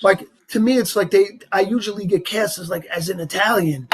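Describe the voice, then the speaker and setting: A man with a heavy New York accent, talking as a guest in a casual interview, animated and rambling with lots of "you know" and "like". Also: high voice, brisk, a crowd in the background. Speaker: actor guest.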